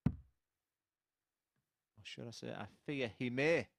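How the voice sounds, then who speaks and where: A man's voice: mid-range voice, takes it slowly, creaky, noisy background. A man giving live darts commentary, chatty and opinionated, teasing his co-commentator from the commentary box.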